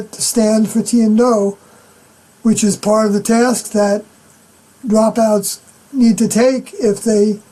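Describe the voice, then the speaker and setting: A middle-aged woman with a mid-range, dark-toned voice offers an unscripted scripture commentary framed as personal testimony. She speaks haltingly and keeps clearing her throat, and the recording quality is low.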